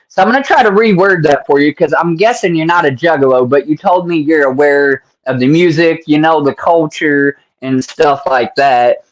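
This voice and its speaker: A man hosts a casual interview, friendly and talkative, laughing and throwing in slang. His voice sits somewhat high for a man, and he rambles loosely as he works through his questions. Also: normal speed, few pauses, lo-fi sound. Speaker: interview host.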